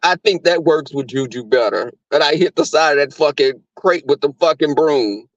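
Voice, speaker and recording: Crude, animated man streaming. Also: on the high side, moderate pace, dry recording, muffled recording. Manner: crude, animated, frequent laughs and swearing. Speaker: live streamer. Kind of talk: profane casual storytelling to live viewers. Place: at his workplace.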